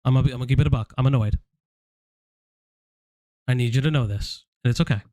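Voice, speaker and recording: A man's voice: mid-range voice, quick pace, dark tone, no room sound, clean studio sound. A man hosting a live stream, speaking bluntly and confrontationally to someone he addresses directly. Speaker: stream host. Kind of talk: casual live-stream commentary.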